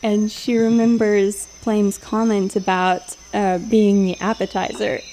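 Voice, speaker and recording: A woman narrating a tabletop game as game master, unhurried and laughing often. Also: mid-range voice, little pitch movement, dark tone, a little hiss or hum, rough recording.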